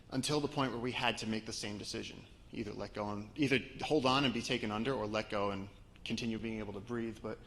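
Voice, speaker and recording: Gravelly-voiced man telling a story. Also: mid-range voice, slight background noise. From Brooklyn, New York. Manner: animated storyteller, voice rising as the story builds. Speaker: expedition guide giving a talk. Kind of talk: live storytelling talk with slides.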